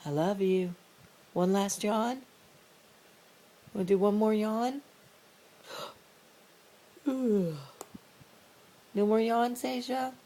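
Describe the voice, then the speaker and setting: A woman at home talking baby talk to her pet cat, coaxing it softly and often dropping to a hush. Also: mid-range voice, steady tone, slow pace, pauses often, low-quality recording. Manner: soft, cooing, often hushed. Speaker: cat owner.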